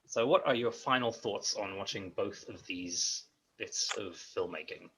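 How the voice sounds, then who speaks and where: A man's voice: fairly low pitch, a little slow, fairly bright tone, low-quality recording. An Irish man hosting a casual chat, making dry joking asides. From Ireland. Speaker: host.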